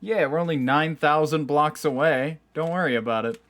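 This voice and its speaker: A man's voice: a little high, moderate pace, fairly bright tone. Chatty self-mocking male streamer. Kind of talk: casual live game commentary.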